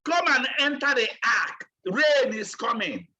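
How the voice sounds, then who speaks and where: A man voicing an old man who urgently shouts warnings to his people. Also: high voice, lively intonation, slow, highs cut off, heavily acted.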